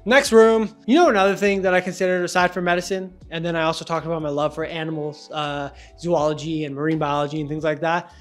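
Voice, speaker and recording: A man's voice: a little high, fairly even intonation, fast talker, hardly any pauses, faint music behind. A young man giving a casual, joking tour of his new house for his vlog, chatty and self-mocking. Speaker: vlogger giving a home tour.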